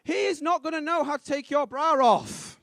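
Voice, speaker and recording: Young stand-up, high bouncy voice, dry close mic, punchy delivery. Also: male voice, moderate pace, fairly bright tone, no room sound. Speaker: stand-up comedian. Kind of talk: stand-up set. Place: comedy club stage.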